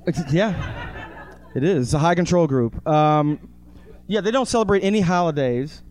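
A man appearing as a comedian guest in a live comedy interview on a theatre stage, trading dry, deadpan one-liners. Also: fairly high pitch, normal speed, no room sound.

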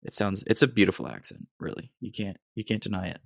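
A man's voice: on the low side, expressive, fast talker, vocal fry, dry recording, clean studio sound. A young American man hosting a casual solo podcast, rambling in a self-deprecating way with lots of ums and restarts. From United States. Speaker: podcast host.

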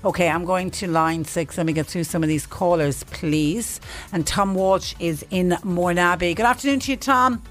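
A woman's voice: lowish voice, moderate pace, few pauses. Chatty woman radio host. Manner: chatty and teasing. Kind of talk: phone-in quiz chat.

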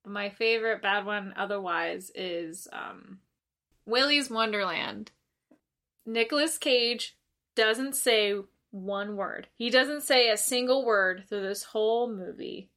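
A young woman co-hosting a casual podcast, laughing often and retelling scenes with animated, swearing energy. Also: mid-range voice, slow pace. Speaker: podcast co-host. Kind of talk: casual chat.

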